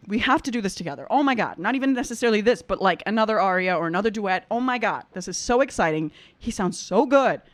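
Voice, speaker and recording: A woman's voice: mid-range voice, lively intonation, fast talker, hardly any pauses, a little hiss or hum. A woman who is an opera singer and vocal coach, reacting to a performance in casual, effusive commentary and singing short examples.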